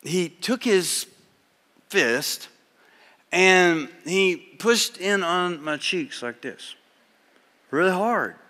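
A bright, forceful male preacher with a fairly high voice, heard in a large hall with a long reverb tail. He moves between rousing exhortation and quiet, intimate storytelling. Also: lively intonation, drawn-out words, pauses often. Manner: swings from loud exhortation to hushed storytelling. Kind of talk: sermon with personal story.

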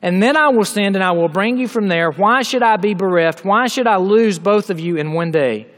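A man preaching a sermon in a large hall, reading scripture aloud and explaining it with emphatic, drawn-out delivery. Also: sits high, fairly bright tone. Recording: long hall reverb.

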